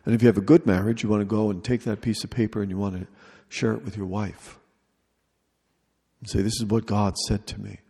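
A man leading a retreat, speaking slowly and deliberately in short repeated phrases. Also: lowish voice, fairly even intonation, warm tone, breathy edge. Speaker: retreat leader. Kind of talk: retreat talk on prayer. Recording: long reverb of a large hall.

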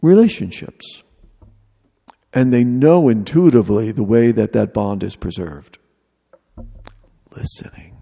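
A man's voice: on the low side, measured pace, gravelly, pauses often, mellow, slightly rough, big-room sound. A man preaching a sermon in a humorous, conversational way, acting out little dialogues.

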